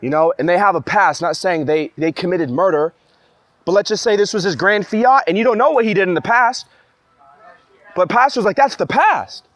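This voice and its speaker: A man's voice: high-pitched, normal speed, fairly bright tone, dry recording. A young man in a heated, rambling monologue, speaking in an agitated way full of restarts. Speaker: vlogger ranting to camera.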